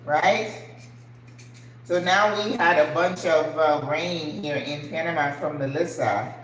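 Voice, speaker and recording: A woman's voice: low voice, slow pace. An older woman hosting her channel, chatting earnestly and emotionally while cooking at home. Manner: earnest, emotional, rhetorical questions. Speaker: channel host. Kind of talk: casual chat while cooking. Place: home kitchen. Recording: echoey kitchen, faint ambient noise.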